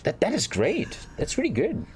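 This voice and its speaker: A man hosting a reaction video, blunt, profane and excitable in casual commentary. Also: high-pitched, normal speed, a little hiss or hum.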